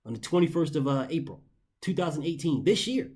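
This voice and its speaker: A man's voice: fairly high pitch, lively intonation, fairly quick, darkish tone, husky. A man hosting a boxing commentary show, ranting in an exasperated, profane way and hammering points through repetition.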